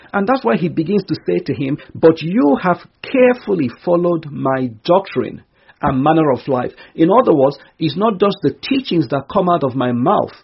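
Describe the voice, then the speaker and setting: Male preacher, slightly higher voice, gravelly and husky, earnest, dull lo-fi sound. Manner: earnest, emphatic, repeats key phrases. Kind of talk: sermon.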